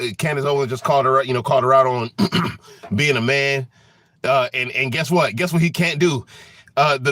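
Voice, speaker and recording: A man's voice: mid-range voice, a bit bright, no echo. A man giving an angry political rant, swearing often and restarting his sentences with many fillers. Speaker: political commentator.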